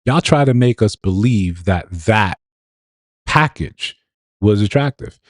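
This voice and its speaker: A man's voice: lowish voice, expressive, slow pace, no echo. A man hosting a livestream, giving an opinionated commentary monologue with emphatic repetition and rhetorical questions. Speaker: livestream host.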